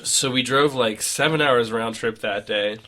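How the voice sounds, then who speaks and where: A man's voice: mid-range voice, a little slow, pushed and bright. A young man co-hosting a casual podcast, telling a rambling travel story full of fillers. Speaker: podcast co-host. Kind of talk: casual chat.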